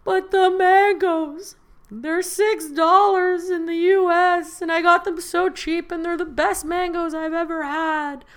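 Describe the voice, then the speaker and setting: Woman putting on a high crying pleading traveler. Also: fairly even intonation, slow pace. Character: weeping woman traveler pleading over mangoes.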